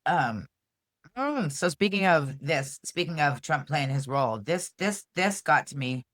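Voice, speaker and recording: A man's voice: a little high, expressive, unhurried, fairly bright tone, no room sound, studio quality. Hesitant man in casual chat. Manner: rambling, hesitant, many fillers. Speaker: co-host.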